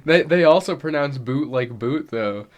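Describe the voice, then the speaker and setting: A man's voice: fairly high pitch, animated, moderate pace. A young man co-hosting a podcast, joking playfully in casual chat. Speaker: podcast co-host.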